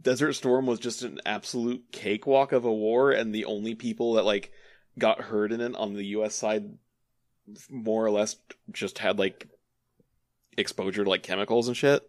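A man's voice: on the low side, steady tone, normal speed. A man co-hosting a casual movie podcast, wry and sardonic, swearing casually. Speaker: podcast co-host. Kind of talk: casual movie review chat.

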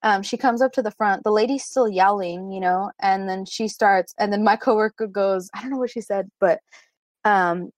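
A woman's voice: mid-range voice, moderate pace, dry recording. A young woman co-hosting a podcast, telling a work story in a rambling way full of filler words, recorded remotely. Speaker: podcast co-host. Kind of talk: casual storytelling. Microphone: remote recording at home.

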